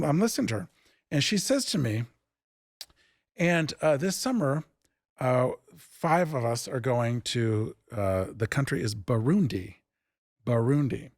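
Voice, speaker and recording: A man who founded an improv theatre, telling stories in a casual interview and acting out the dialogue with lively jumps in pitch. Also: no echo, studio quality. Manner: animated, acts out quoted dialogue with big pitch jumps.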